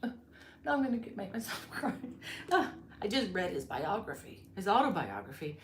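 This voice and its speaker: A woman's voice: mid-range voice, very animated, normal speed, roomy sound, a little hiss or hum. A woman from Florida hosting a crochet live stream, chatting casually, reading viewer comments aloud and laughing easily. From Florida, USA.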